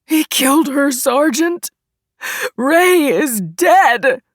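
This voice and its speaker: A woman voicing a frantic, grief-stricken man who shrieks in hysterical shouts, in an audiobook. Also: extremely high pitch, expressive, drawn-out words, no room sound, clean studio sound, pitched above the performer's own voice, full character voice. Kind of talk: audiobook character voice.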